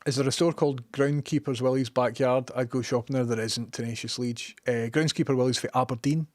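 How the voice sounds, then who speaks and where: A man's voice: mid-range voice, fairly even intonation, fairly quick, a little mellow, no echo, studio quality. A Glaswegian man chatting casually on a live stream, sweary and opinionated as he reads chat messages. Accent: Scottish, Glaswegian. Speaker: livestreamer.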